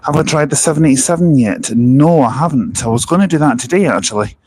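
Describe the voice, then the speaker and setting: A man's voice: on the high side, lively intonation, quick pace, darkish tone, slightly rough, poor audio. A man hosting a casual live vlog outdoors at a bus station, talking earnestly and chattily into a handheld mic. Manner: earnest, chatty, with frequent restarts. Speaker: vlogger. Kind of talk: casual live-stream chat. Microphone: handheld wireless mic.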